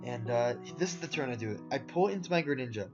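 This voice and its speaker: A man provides laid-back voice-over commentary on his own competitive game matches, rambling with plenty of fillers and addressing viewers as "guys" and "boys." His medium-pitched voice is lively in intonation and fast. The lo-fi audio sounds dull, with soft guitar music in the background.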